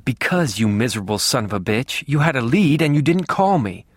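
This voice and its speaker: A man's voice: medium pitch, very animated, a little fast, no room sound. Man voicing a snarling, foul-mouthed young policewoman. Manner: snarling, blunt, swearing. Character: angry young woman cop, foul-mouthed sister. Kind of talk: audiobook character voice.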